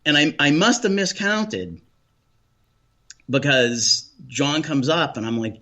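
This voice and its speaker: A man from Boston with a Boston accent, chatting as a guest in a relaxed interview, rambling with lots of restarts and ums. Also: fairly high pitch, takes it slowly, highs cut off. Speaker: paranormal investigator guest. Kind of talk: casual interview chat.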